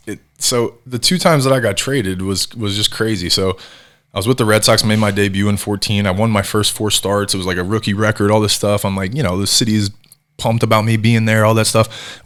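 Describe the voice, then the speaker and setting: A man in his thirties from New Jersey, a former ballplayer guest telling animated stories in casual chat. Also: on the low side. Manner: fast, animated storyteller acting out quotes. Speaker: podcast guest, former baseball pitcher.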